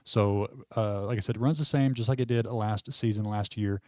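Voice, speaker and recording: A man's voice: lowish voice, steady tone, moderate pace, dark tone, no room sound, clean studio sound. A man hosting a live poker stream, chatting casually with fillers and frequent laughs.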